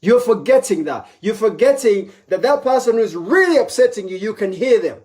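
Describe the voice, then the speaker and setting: Male motivational speaker, somewhat high voice, emphatic, repeats key lines. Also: sing-song, normal speed, darkish tone. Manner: acts out quoted voices with pitch jumps. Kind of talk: live motivational talk.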